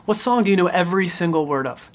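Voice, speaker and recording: A man asking rapid-fire interview questions from off camera, brisk and upbeat. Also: high voice, lively intonation.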